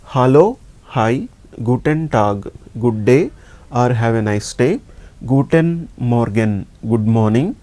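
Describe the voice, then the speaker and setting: Man, Indian English accent, patient teacher, slow pace, mellow tone, repeats sounds. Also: mid-range voice, lively intonation. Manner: patient, repeats each sound, asks rhetorical questions. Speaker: language teacher. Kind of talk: slow classroom lesson.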